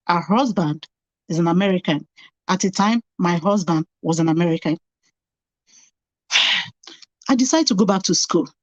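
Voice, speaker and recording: A woman's voice: fairly low pitch, no echo, poor audio. A middle-aged woman, a nurse, telling her personal story as an interview guest. She speaks animatedly, acts out past conversations and repeats phrases for emphasis.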